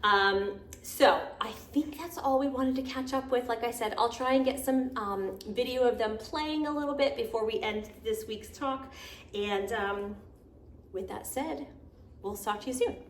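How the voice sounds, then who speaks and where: A woman in a living room chats casually to her viewers in a slightly higher voice. She giggles often and drifts into sing-song baby talk. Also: unhurried, a little hiss or hum. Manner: chatty, giggly, slips into high baby talk with puppies. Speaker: dog breeder and channel host. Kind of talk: casual vlog chat. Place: indoor living room at home.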